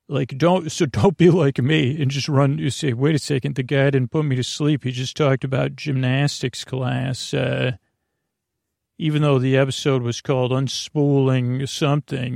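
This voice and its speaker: Rambling, creaky-voiced sleep podcast host. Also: male voice, mid-range voice, a little mellow, dry recording, clean studio sound. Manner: meandering, self-deprecating, many restarts and fillers. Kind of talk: rambling bedtime monologue.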